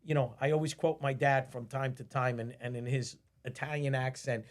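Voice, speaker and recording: A man's voice: medium pitch, fairly even intonation, moderate pace. A man hosting a casual podcast conversation, talking emphatically and often repeating phrases and restarting his sentences. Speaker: podcast host.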